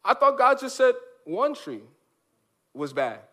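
A man's voice: very high-pitched, very animated, a little slow, fairly bright tone, voice pushed up, exaggerated voice. A man voicing a sneaky male serpent in a children's Bible lesson, with a sly, wheedling, insinuating manner.

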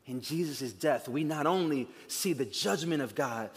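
A pastor preaching a sermon with emphasis, slowing down and dropping to a near-hush for weight, and calling the congregation to repeat words with him. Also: male voice, a little high, lively intonation. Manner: leads the congregation in call-and-response. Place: church sanctuary. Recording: long reverb of a large church hall.

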